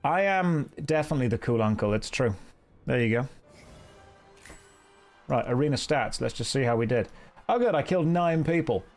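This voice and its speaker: A man's voice: medium pitch, lively intonation, normal speed, long pauses, soft background music. A man streaming from home on a desk microphone, chatting playfully with viewers while he plays. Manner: playful, jokey, chats with viewers. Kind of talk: casual live game stream commentary.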